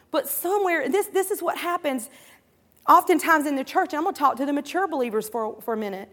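An animated woman delivers a sermon fairly quickly in a high, slightly bright voice, with a long reverb tail behind her. She uses call-and-response exclamations and takes on the voices of imagined believers and coworkers.

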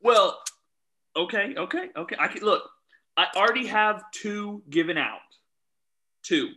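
Casting: man, referee storyteller, very bright voice, a little high, animated, quotes people. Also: a little slow, slight background noise, poor audio. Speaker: youth soccer referee. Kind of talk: casual chat, storytelling.

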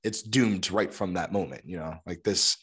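A man's voice: normal speed, fairly bright tone, slightly rough. A young adult man with a sore throat, chatting casually on a podcast with lots of fillers. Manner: rambling, lots of fillers, puts on high voices for quotes. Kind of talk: casual chat.

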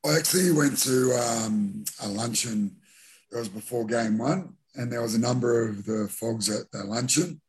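This is a middle-aged Australian man, once a rugby league captain, appearing as a guest in a casual interview. He sounds relaxed and unhurried at a medium pitch, with plenty of fillers and restarts.

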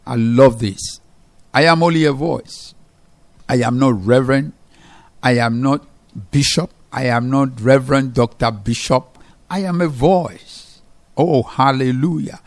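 A male pastor delivering a sermon in a fairly high-pitched voice. He preaches emphatically, rising to loud exhortations and then dropping low and quiet to drive a point home. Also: lively intonation, slow, long pauses.

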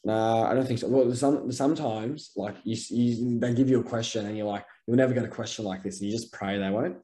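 A man's voice: mid-range voice, a little fast, warm tone. A young man with an Australian accent, co-hosting a podcast in casual chat and rambling through his stories with lots of restarts. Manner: rambling, full of fillers and restarts. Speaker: podcast co-host.

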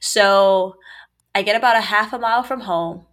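A young woman telling a personal story over a relaxed chat. Her voice sits at an ordinary middle pitch and she talks in a loose, animated way, tossing in quick asides and bursts of laughter. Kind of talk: casual story time.

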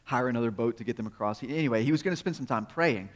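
A preacher with a mid-range, rapid-fire delivery tells his sermon in a conversational, story-driven way, tossing out rhetorical questions and chuckling often. The sound carries the long reverb of a big hall.

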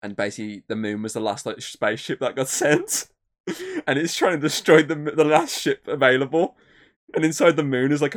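On the high side and brisk, with lively intonation, this man's voice carries a relaxed podcast conversation he co-hosts. His talk wanders, packed with filler words and profanity.

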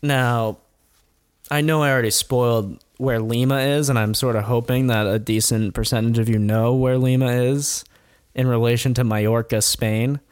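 A man's voice: medium pitch, steady tone, normal speed, clean tone, no echo. A man in his middle register spins a story in loose, rambling talk, chuckling often and dropping blunt, profane asides. The sound is dry and close, with no room around it. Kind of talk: casual storytelling chat.

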